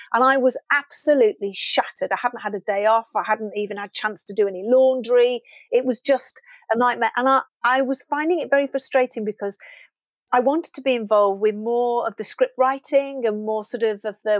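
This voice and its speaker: A woman's voice: mid-range voice, no room sound. A middle-aged woman, a guest in an interview, telling stories animatedly and acting out the lines of people she quotes. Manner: animated storytelling, acts out quoted dialogue. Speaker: guest, former children's TV presenter. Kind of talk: reminiscing interview chat.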